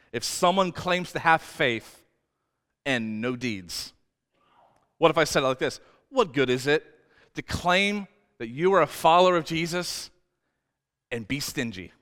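A male pastor preaching a sermon, emphatic and swinging between loud and hushed, with humorous asides. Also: fairly high pitch, smooth. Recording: church hall reverb.

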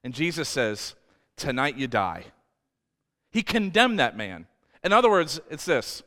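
A male pastor preaching a sermon, emphatic and swinging between loud and hushed, with humorous asides. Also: a little high, big pitch swings, normal speed. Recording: church hall reverb.

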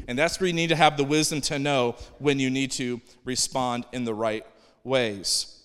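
Joking, bright-voiced preacher. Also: male voice, mid-range voice, normal speed, smooth. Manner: conversational, joking, animated. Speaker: pastor. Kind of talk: sermon. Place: large church hall. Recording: long hall reverb.

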